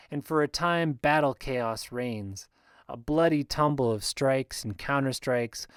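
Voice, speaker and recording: A male audiobook narrator with a smooth, resonant voice of middling pitch, reading fantasy action in a steady, measured way. He is recorded close on a studio mic in a dry, dead room. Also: no echo. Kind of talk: scripted first-person fantasy narration.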